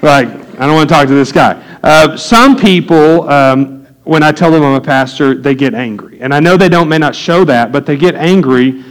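A man's voice: on the high side, normal speed, poor audio. A male pastor telling a story to his congregation, loose and conversational with restarts. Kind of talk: sermon storytelling to a live congregation.

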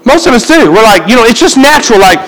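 A man's voice: extremely high pitch, big pitch swings, fast talker, a bit bright, long reverb tail, rough recording. A man preaching a sermon as pastor, talking conversationally and asking the congregation questions.

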